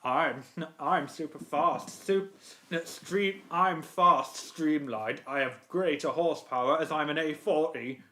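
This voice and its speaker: A man voicing a boastful, fast, streamlined male engine in a slow, bragging tone. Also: on the high side, pushed and bright.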